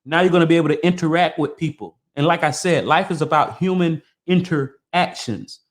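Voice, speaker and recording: A man's voice: on the high side, fairly quick. A man hosting a podcast, reading a motivational text aloud in an earnest, emphatic way and breaking off for casual asides. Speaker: podcast host.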